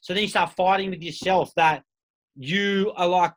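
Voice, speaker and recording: A man's voice: high voice, steady tone, normal speed. A young Australian man telling his story in a casual interview, candid and rambling, swearing freely. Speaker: guest.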